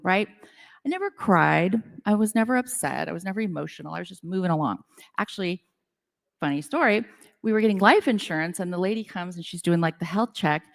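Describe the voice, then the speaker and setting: Woman speaker, middle-aged, chatty and self-deprecating, addressing an audience, hall reverb. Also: mid-range voice. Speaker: speaker at a women's business event. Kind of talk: casual storytelling talk to a live audience. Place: conference room with audience.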